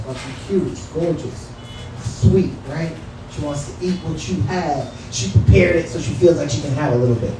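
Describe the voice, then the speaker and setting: A man's voice: on the high side, normal speed, distant mic, noisy background. A man doing a stand-up comedy set in a small club, talking straight to the crowd with loose, profane banter. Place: small comedy room at a cannabis lounge. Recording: very echoey room picked up from afar.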